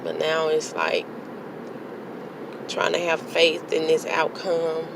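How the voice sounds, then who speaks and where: Woman vlogger, gravelly, blunt pep-talk delivery, noisy surroundings. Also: sits low, completely flat delivery, slow pace. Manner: blunt, self-motivating, working herself up. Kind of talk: casual vlog monologue.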